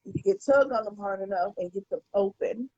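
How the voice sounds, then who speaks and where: A woman's voice: medium pitch, fairly quick, warm tone, slightly rough, no echo, dull audio. Profane, storytelling woman podcast host. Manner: profane, repeats words when starting sentences. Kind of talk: casual chat, storytelling.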